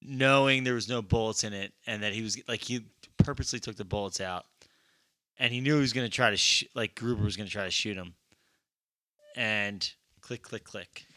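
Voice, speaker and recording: Blunt, bright-toned man in a dry room. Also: on the low side, normal speed, no room sound. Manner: blunt, profane, mock-ranting. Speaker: podcast co-host. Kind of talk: casual movie chat.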